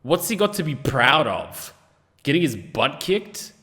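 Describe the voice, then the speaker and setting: A man's voice: a little high, very animated, measured pace, pushed and bright, big-room sound. A man reacting to an anime episode, exasperated and swearing, firing off rhetorical questions. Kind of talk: casual reaction commentary.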